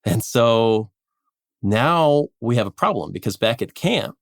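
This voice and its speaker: Animated storytelling man, dry close sound. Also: medium pitch, a little slow, no echo. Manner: animated, acts out quotes, laughs often. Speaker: podcast host telling a history story. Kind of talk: casual storytelling chat.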